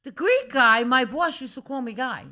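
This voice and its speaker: Female guest, expressive storyteller, high bright voice. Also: normal speed. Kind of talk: casual chat.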